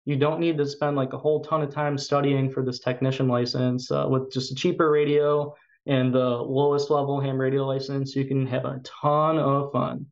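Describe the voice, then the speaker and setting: A man's voice: mid-range voice, level tone, normal speed, lo-fi sound. Enthusiastic man with a Chicago accent. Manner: enthusiastic, with frequent fillers. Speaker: conference speaker. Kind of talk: recorded tech talk presentation.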